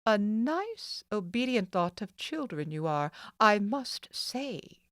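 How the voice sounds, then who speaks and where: A woman's voice: mid-range voice, big pitch swings, slow, dry recording, studio quality, voice pushed up. A woman voicing a haughty wealthy mother in an audiobook, speaking coldly and sharply. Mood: sarcastic. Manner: cold, sharp, scornful. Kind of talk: audiobook character voice.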